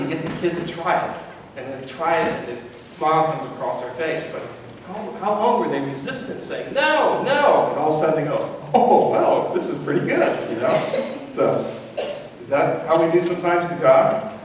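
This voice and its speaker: A preacher from Florida speaks to his congregation in a relaxed, conversational manner, full of asides and questions, his pitch rising when he acts out voices in a story. Recorded from far off in a church sanctuary, his sermon carries a long, roomy reverb over a faint room hum.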